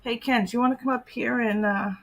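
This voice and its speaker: A woman's voice: a little high, fairly even intonation, fast, poor audio. A woman on a livestream who works as a decoy for a predator-catching group and talks bluntly and indignantly, swearing casually. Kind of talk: livestream commentary.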